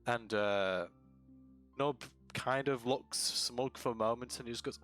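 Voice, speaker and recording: A man narrating a tabletop game as game master over a voice call, relaxed and rambling with many fillers. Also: mid-range voice, normal speed, faint music behind.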